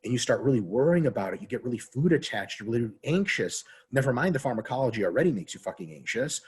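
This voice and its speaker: A man's voice: medium pitch, sing-song, quick pace, slightly rough. A man as a podcast guest who talks as a fitness scientist, in rambling, profane casual chat and acting out quoted voices. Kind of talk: casual interview talk.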